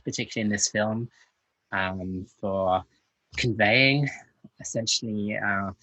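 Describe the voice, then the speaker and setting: Polite interviewer, husky voice. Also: male voice, lowish voice, measured pace, sharp tone, no room sound, rough recording. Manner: polite, with frequent hesitations. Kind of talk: interview questions.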